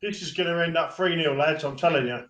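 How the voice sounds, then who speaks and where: A man doubts his football team's chances in a questioning, pessimistic way. His voice is notably high for a man. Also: fast talker, fairly bright tone. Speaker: fan show co-host. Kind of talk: casual football watch-along chat.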